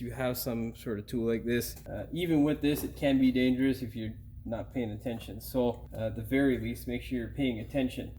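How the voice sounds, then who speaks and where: Guy mechanic walking thru a repair, blunt n casual, a bit of swearing, normal middle pitch, slight hiss behind. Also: darkish tone. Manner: casual, blunt, mildly profane. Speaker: mechanic and channel host. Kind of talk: hands-on repair tutorial.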